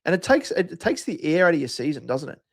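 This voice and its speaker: A man's voice: a little high, sing-song, quick pace, vocal fry, husky. A man with an Australian accent hosting a live stream, chatting casually and answering viewers' comments by name. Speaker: livestream host.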